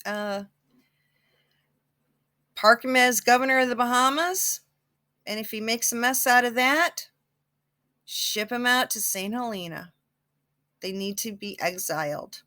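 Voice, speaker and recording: A man's voice: very high voice, measured pace, pauses often, pushed and bright, heavily acted. A woman voicing an exiled old royal duke who speaks in a blunt, commanding way. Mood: stern.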